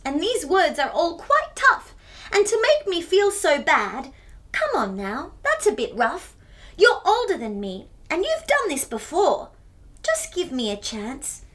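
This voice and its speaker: A woman's voice: extremely high pitch, huge pitch swings, slow, a bit bright, full character voice. A woman voicing a nervous but brave young schoolgirl in a read-aloud storybook, speaking earnestly. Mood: determined. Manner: earnest, determined.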